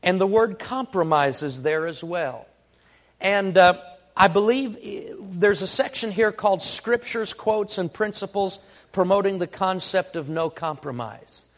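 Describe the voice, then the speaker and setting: A man preaching a sermon, telling a folksy story in an unhurried way with many fillers. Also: sits high.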